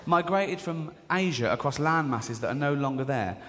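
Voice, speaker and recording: A man's voice: fairly high pitch, lively intonation, normal speed, a bit bright. An English man in his forties doing stand-up comedy, joking and swearing freely while acting out characters in mock voices. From England. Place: large theatre stage. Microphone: stage mic. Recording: live theatre with long hall reverb. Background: audience laughter.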